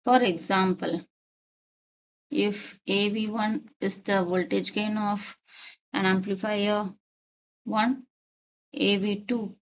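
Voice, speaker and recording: A woman lectures in a measured, step-by-step way, going back over each key point to be sure it lands. Her voice has a gravelly, creaky edge. The recording sounds muffled and lo-fi. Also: medium pitch, fairly even intonation, a bit bright. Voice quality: repeats key points deliberately. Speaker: teacher.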